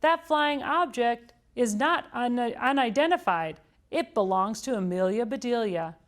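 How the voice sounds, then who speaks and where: A woman voicing a brisk, sensible schoolteacher in a children's storybook read-aloud, measured and clear. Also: fairly high pitch, expressive, pitched above the performer's own voice.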